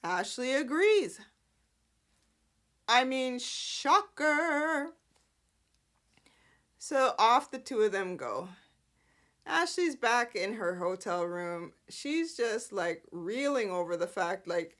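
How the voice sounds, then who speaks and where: Woman, podcast host, casual soap recap, sarcastic, filler-heavy, unhurried delivery. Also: on the high side, very animated, a bit bright. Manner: chatty and sarcastic, full of fillers like "like".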